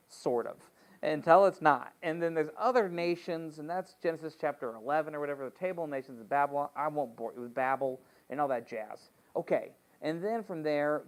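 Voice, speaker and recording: A man leading a Bible study as pastor, reading scripture and retelling the story in a joking, conversational way with playful asides. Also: a little high.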